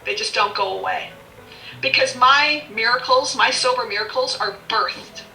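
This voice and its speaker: A woman's voice: on the high side, normal speed, gravelly, bright, forceful tone. A middle-aged woman telling her own story bluntly and with animation, swearing freely and laughing often. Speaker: podcast guest. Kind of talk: candid personal storytelling. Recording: echoey room, distant mic, faint music.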